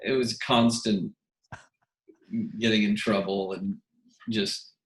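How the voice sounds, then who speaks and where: Slow and steady in tone, a fairly low male voice belongs to a musician being interviewed. He spins stories animatedly in a casual manner, voicing quotes dramatically and often beginning sentences again, with the echo of the room audible.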